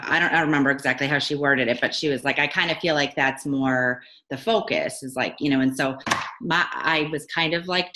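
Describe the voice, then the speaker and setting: A woman's voice: a bass voice, fairly bright tone, low-quality recording. A woman on a team call asking a long, rambling question, hesitant with many fillers. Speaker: team member.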